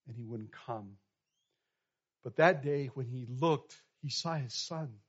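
A male pastor telling a story in a sermon, moving from quiet and soft to loud and animated. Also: mid-range voice, takes it slowly, breathy edge. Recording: dull lo-fi sound.

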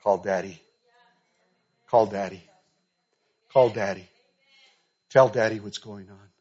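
Man preaching with loud emphatic bursts. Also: fairly low pitch, fairly even intonation, slow. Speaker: pastor. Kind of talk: sermon. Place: church sanctuary. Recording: slightly dull, lo-fi recording.

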